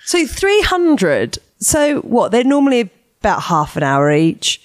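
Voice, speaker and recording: A woman's voice: a little high, wildly swooping pitch, slow. A woman co-hosting a podcast, teasing and playful in casual chat and asking lots of questions. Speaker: podcast co-host.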